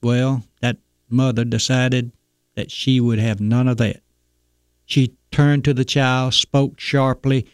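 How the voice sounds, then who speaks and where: A man hosting a radio commentary segment, telling a story in a measured, folksy way. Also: mid-range voice, flat delivery, clean tone, dry recording, studio quality.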